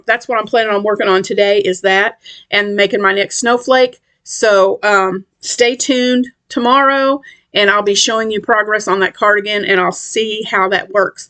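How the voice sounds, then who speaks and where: A middle-aged woman hosts a homey crochet vlog. She talks in a loose, rambling way, full of ums and restarts as she checks her work. Her voice sits in a middle pitch. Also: a bit bright. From West Tennessee, USA. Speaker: crochet channel host. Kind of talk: casual craft vlog chat.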